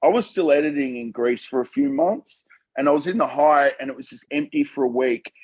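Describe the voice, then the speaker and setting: A man's voice: mid-range voice, brisk, poor audio. A man, a film director guest telling stories animatedly in a casual interview. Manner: animated storyteller, laughing and calling people mate.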